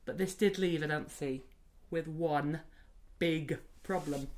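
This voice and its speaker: A woman telling a story to toddlers, animated and sing-song, clapping and singing along. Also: low voice, takes it slowly. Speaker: children's storyteller. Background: soft cello.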